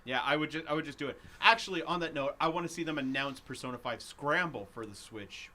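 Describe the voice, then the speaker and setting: A young man co-hosting a casual gaming podcast, animated and jokey, laughing at himself. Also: fairly high pitch, fast talker. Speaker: podcast co-host. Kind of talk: casual chat.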